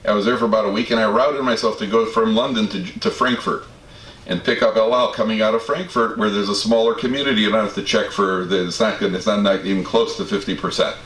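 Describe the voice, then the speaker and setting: Rabbi telling stories, roomy and distant. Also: male voice, fairly low pitch, fairly even intonation, fast, fairly bright tone. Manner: anecdotal, self-deprecating humor with frequent restarts and stammers. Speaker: rabbi and lecturer. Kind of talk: storytelling talk to an audience. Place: community study hall. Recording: roomy hall from a distance, faint background ambience.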